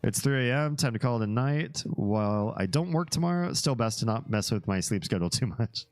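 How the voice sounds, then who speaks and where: A man's voice: mid-range voice, expressive, a little fast, dry recording, faint music behind. A man hosting a casual livestream, chatting with his viewers and reacting to a web page in an easygoing, rambling way. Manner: easygoing and rambling, drifting into asides and small laughs. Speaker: livestream host.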